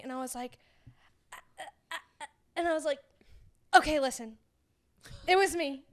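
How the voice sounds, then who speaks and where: Young woman with a high voice, telling a story on a podcast, doing everyone's lines. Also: normal speed, pauses often. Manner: animated storyteller acting out quotes. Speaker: podcast co-host. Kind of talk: storytelling in casual chat.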